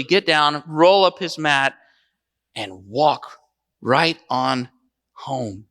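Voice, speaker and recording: A male pastor delivering a dramatized first-person sermon, telling the story dramatically and swinging between lively and hushed passages. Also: on the high side, slow pace. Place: church sanctuary. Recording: echoey church hall.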